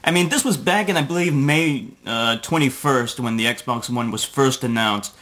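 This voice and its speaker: A man's voice: mid-range voice, moderate pace, a bit bright. Sarcastic man ranting with profanity. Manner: sarcastic, swearing, mocking. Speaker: video blogger.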